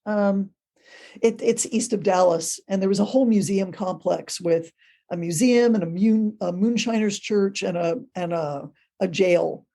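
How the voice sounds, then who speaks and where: Mellow-voiced woman telling a ghost story. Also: mid-range voice, measured pace. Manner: animated, acts out quoted voices. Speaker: podcast guest, ghost tour guide. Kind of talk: casual storytelling.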